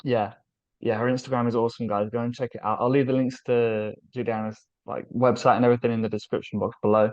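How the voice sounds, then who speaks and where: A British man hosting a casual interview about language teaching, upbeat and chatty, with quick asides. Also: mid-range voice, level tone, a little mellow. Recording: dull lo-fi call audio.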